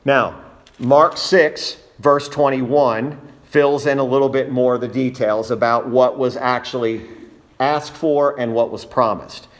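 A man's voice: medium pitch, fairly even intonation, a little slow. A man preaching an expository sermon, reading scripture and speaking earnestly and emphatically to his congregation.

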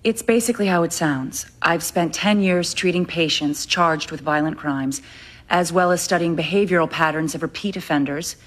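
An actress playing a calm, matter-of-fact female criminal psychologist testifying in a TV legal drama. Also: fairly low pitch, moderate pace, natural voice.

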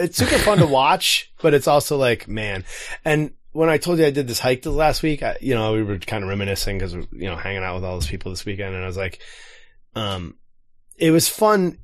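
A man's voice: mid-range voice, lively intonation, fairly quick, no echo, clean studio sound. A man in his forties, casually chatting as a podcast co-host and telling rambling stories with acted-out quotes. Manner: rambling storyteller, acts out quotes. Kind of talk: casual chat.

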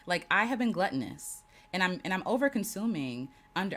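A woman talks straight to her livestream viewers as a creative coach. She is affirming and animated, repeats her key lines for emphasis, and laughs easily, with a lively, swooping pitch. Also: moderate pace. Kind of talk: casual livestream talk.

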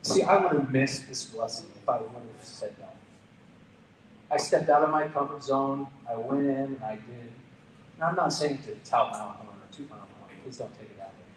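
A pastor gives a storytelling sermon in a church gathering room, sharing a personal story in an earnest, conversational way. His voice is mid-range at a moderate pace, with slight background noise. The sound is roomy, and he's distant from the mic.

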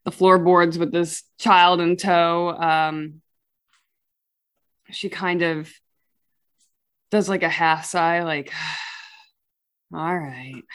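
A woman's voice: fairly low pitch, smooth. A woman playing a tabletop game, chatty and self-correcting as she describes her character. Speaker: player. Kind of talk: casual tabletop game play.

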